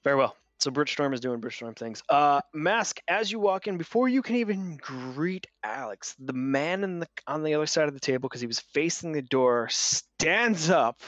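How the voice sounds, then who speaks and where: A man's voice: a little high, lively intonation, moderate pace, hardly any pauses, a bit bright, no room sound, highs cut off. A man running a tabletop game as game master, describing scenes with many fillers.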